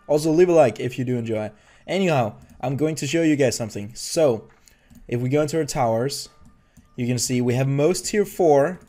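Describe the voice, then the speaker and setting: Nervous young man rambling over gameplay. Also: medium pitch. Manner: nervous, excitable, rambling with frequent restarts. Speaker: gaming YouTuber. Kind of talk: casual gameplay commentary.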